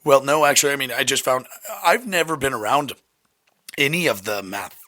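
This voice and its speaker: A man's voice: mid-range voice, lively intonation, fairly quick, sharp tone, dry recording, studio quality. A man in his thirties hosting a podcast, laid-back, joking and profane. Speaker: podcast host. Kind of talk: casual podcast chat.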